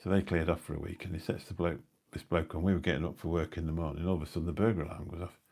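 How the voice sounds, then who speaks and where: Brief: middle-aged male live-streamer, deep husky voice, rambling anecdotes. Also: fairly even intonation, racing, darkish tone. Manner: rambling anecdotal storytelling with dry asides. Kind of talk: casual rambling chat. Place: indoors at home. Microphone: new phone or mic on a live stream.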